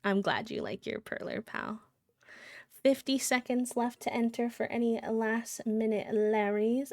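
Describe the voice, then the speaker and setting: A woman's voice: fairly high pitch, steady tone, a little slow, no echo. Playful woman streamer, dry close sound. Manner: playful, chatty, sing-song countdowns. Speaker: live streamer. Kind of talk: casual live-stream chat.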